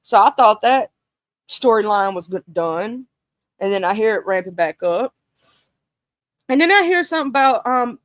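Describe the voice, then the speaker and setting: Chatty high-voiced woman with a twang. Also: no echo. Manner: animated, chatty, exclaims with sudden high-pitched outbursts. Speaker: livestream host. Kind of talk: casual livestream gossip chat.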